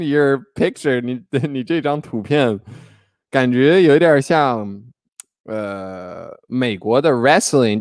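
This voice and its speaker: A man's voice: medium pitch, darkish tone, no room sound, clean studio sound. Joking man hosting a casual livestream. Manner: chatty, joking, greets viewers by name. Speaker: livestream host.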